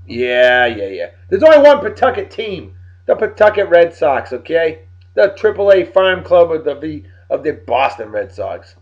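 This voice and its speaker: A tired man giving joking, animated shout-outs to friends in a casual vlog. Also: fairly high pitch, moderate pace. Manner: animated, joking sports banter. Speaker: vlog host. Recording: dull lo-fi recording.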